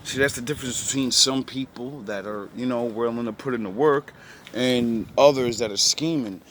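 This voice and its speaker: A man's voice: medium pitch, moderate pace, slight background noise. Rambling, profane man telling a story. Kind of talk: casual chat.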